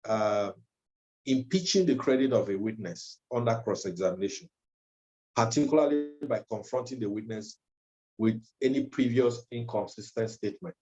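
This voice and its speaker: A man gives a legal training lecture in a measured way, often pausing with ums and uhs. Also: mid-range voice, darkish tone. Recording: dull lo-fi recording.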